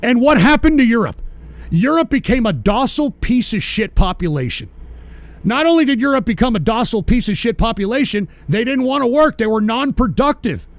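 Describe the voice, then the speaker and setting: High-voiced man on a profane rant. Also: sing-song, brisk, no room sound. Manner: profane, ranting, berating listeners. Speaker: host. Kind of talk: live-streamed political rant.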